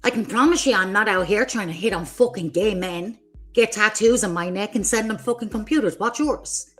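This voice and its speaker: A woman hosting her own livestream, delivering an angry, profane, confrontational rant at other creators. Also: mid-range voice. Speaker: streamer host.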